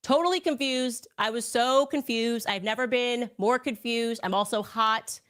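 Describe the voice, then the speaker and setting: A woman's voice: fairly high pitch, moderate pace. Sarcastic woman telling a story. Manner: sarcastic, animated, laughing asides. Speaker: podcast host. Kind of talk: casual storytelling.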